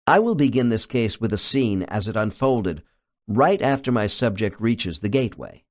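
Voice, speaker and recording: A man's voice: on the low side, expressive, normal speed. Man narrating an audiobook expressively. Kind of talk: audiobook reading.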